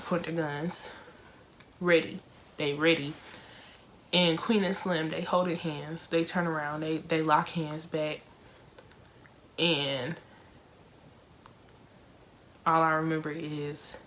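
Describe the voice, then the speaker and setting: A young woman casually reviewing a film for her viewers, talking in an emotional, expressive way with lots of fillers. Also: sits low, unhurried, pauses often, slight background noise.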